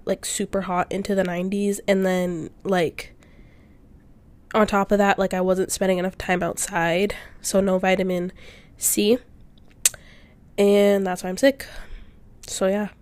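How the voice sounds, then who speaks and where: A woman's voice: medium pitch, darkish tone. A young woman hosting a casual solo podcast while sick and congested, rambling with lots of fillers and self-deprecating asides in a small indoor room. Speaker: podcast host.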